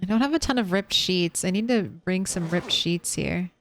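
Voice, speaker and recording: A woman's voice: fairly low pitch, animated, moderate pace, fairly bright tone, slight background noise. A young woman streaming a game, chatting casually as she plays, rambling between topics and swearing freely. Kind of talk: casual gameplay chat.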